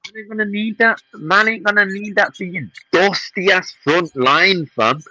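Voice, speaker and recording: Fiery man with husky voice. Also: sits high, moderate pace, bright, forceful tone, no room sound, poor audio. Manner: fiery, repeats himself, mocking. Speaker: podcast co-host. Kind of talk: heated football banter.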